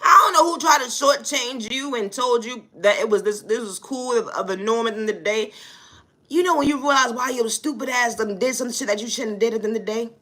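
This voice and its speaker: A woman's voice: fairly high pitch, a little fast, pushed and bright. A woman telling a comic story as an exasperated, profane rant, often breaking into laughter. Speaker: vlogger.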